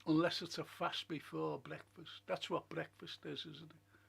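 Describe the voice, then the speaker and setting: A man's voice: on the high side, level tone, normal speed, gravelly, a bit bright, breathy edge. A man hosting a casual live stream, chatting in a rambling way, musing aloud and reading out viewer comments. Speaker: livestream host. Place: at home.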